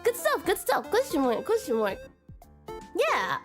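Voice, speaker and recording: Over background music, a young woman chats casually on her live stream in a very high-pitched voice that swoops wildly, taking her time. Still strained from being sick recently, she comes across bubbly and nervous, tripping on words, repeating herself, and adding a cutesy "question mark" tag as she goes.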